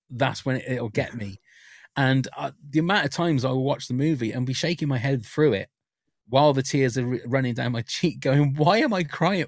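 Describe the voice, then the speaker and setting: As a guest on a casual podcast, a man with an ordinary middle-pitched, slightly mellow voice shares candid stories. The recording is close and dry with no room sound, and he frequently restarts his sentences.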